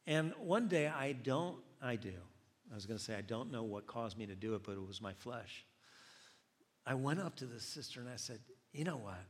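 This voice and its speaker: Older guy pastor preaching, husky voice, echoey church hall, tells stories w jokes. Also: medium pitch, lively intonation, moderate pace. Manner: storytelling, acting out dialogue, self-deprecating humor. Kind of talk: sermon.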